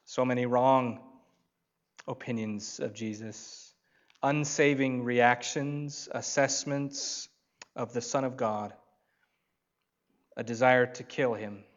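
Pastor, male, mid-pitched, emphatic sermon delivery with slow pauses, slightly dull lo-fi sound.

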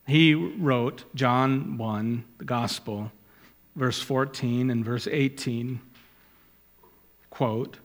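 Slow-speaking preacher in a reverberant hall. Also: male voice, fairly even intonation. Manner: rises in pitch and volume when quoting Scripture, drops low on asides. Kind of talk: sermon.

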